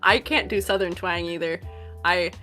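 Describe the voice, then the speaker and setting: A woman from the East Coast, a guest artist and art educator chatting casually while drawing, bubbly and quick to laugh. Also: lowish voice, fairly even intonation, bright, forceful tone, soft background music. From United States, East Coast.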